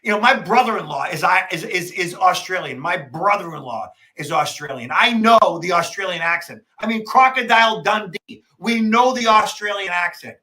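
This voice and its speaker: High, bright-voiced man telling a story. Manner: animated storytelling, quick and emphatic. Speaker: podcast co-host, security expert. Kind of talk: casual podcast conversation.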